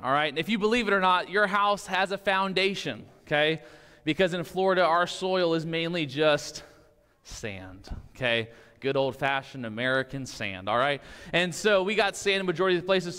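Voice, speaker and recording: A man's voice: a little high, fairly bright tone, smooth. Conversational male pastor in a reverberant church. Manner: casual and conversational, often checks in with "all right?" and "okay?". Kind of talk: sermon. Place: church sanctuary.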